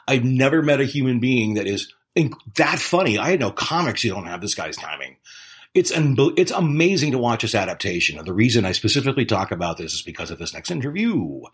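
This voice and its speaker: Husky, animated male podcast host. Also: mid-range voice. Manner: rambling, effusive, laughs often. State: voice worn from a long day. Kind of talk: casual interview chat.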